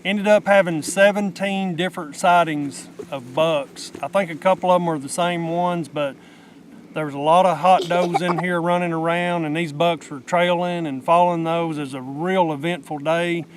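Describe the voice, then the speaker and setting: A middle-aged man talking outdoors in a hunting vlog, telling a story in a plain-spoken, excited way. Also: on the high side, normal speed, slight background noise. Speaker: hunter. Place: outdoors in the woods.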